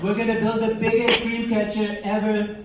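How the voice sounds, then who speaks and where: A man's voice: high voice, completely flat delivery, normal speed, voice pushed up, natural voice. A man doing an impression of a brash, boastful male politician at a stand-up show, recorded in an echoey room from a distance. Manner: boastful slogan delivery. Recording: echoey club room, distant mic, background noise.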